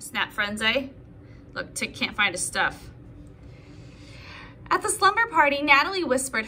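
A woman's voice: high-pitched, slight background noise. A woman teacher reading a picture book aloud to preschoolers, with little asides to the children. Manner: animated, slow storytelling with asides to children.

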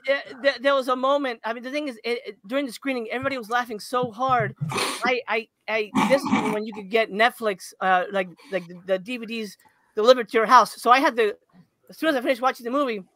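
Excitable, bright-voiced laughing man. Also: very high voice, fast. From Los Angeles area. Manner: excited, laughing, swearing storyteller. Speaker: podcast co-host. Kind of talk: casual chat.

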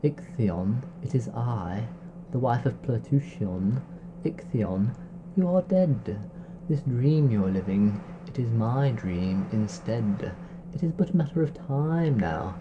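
A man's voice: medium pitch, animated, takes it slowly, dull audio, noisy background. A man doing a cackling taunting witch. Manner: eerie, singsong and rhyming. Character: cackling witch taunting inside a wizard's head. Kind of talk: storybook reading.

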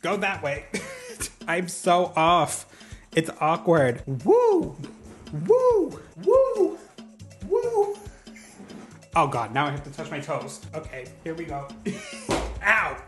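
A man giving casual gameplay commentary as a YouTuber, chatty and excitable, laughing often. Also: fairly high pitch, slow pace, pauses often, faint music behind. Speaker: gaming YouTuber.

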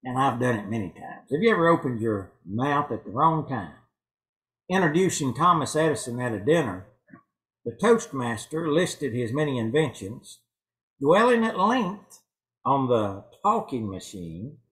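A man's voice: mid-range voice, big pitch swings, unhurried, fairly bright tone, low-quality recording. A male pastor giving an evening sermon in a church, folksy and fond of telling jokes. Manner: folksy joke-telling preacher. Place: church sanctuary.

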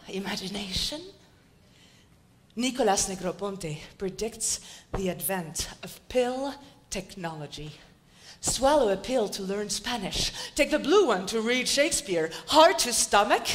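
A woman's voice: fairly high pitch, fairly bright tone. A woman giving a dramatic, theatrical stage talk in a large auditorium, rousing the audience with rhetorical questions. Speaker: speaker.

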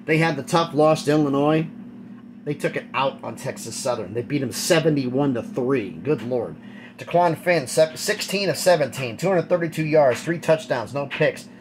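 Male sports commentator, slightly high voice, blunt opinionated stat recap, noisy background hiss. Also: lively intonation, moderate pace. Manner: blunt and opinionated, rattles off stats. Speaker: college football commentator.

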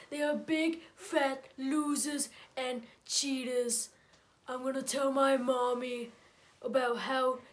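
A performer doing a comedic impression of an angry, boastful older male politician who rants repetitively. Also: sits high.

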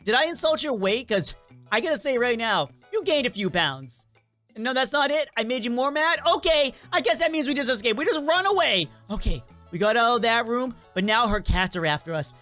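A gaming channel host doing playful, animated let's-play commentary, joking with viewers and game characters. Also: medium pitch, brisk, soft background music.

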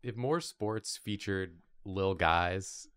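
A man's voice: sits low, slow pace, fairly bright tone, clean tone. A man hosting a casual drawing challenge, joking dryly with the artists. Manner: dry, joking delivery. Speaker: host running the drawing challenge. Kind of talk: casual chat.

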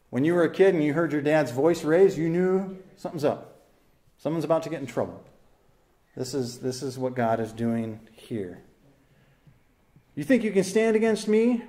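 A man's voice: on the high side, a little mellow. A man preaching an expository sermon, earnest and emphatic, repeating phrases for stress and putting questions straight to his listeners. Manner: asks the listeners questions directly. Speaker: pastor.

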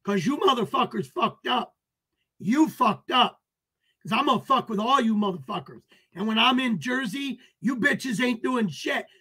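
A man's voice: very high-pitched, lively intonation, moderate pace, bright, forceful tone, slightly rough. A man hosting a livestream, ranting at chat in an aggressive, taunting, profane way and greeting viewers by name. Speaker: livestream host.

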